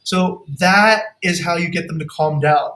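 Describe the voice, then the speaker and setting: A man's voice: on the high side, a little slow, fairly bright tone, echoey room. A man coaching negotiation in a casual way, acting out example lines and laughing often.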